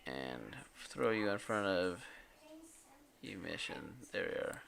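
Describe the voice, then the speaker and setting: A man's voice: low voice, expressive, slow pace, vocal fry, a bit bright. A man streaming live, chatting casually and thinking aloud as he works, rambling and correcting himself. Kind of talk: casual live-stream chat while working in 3D software.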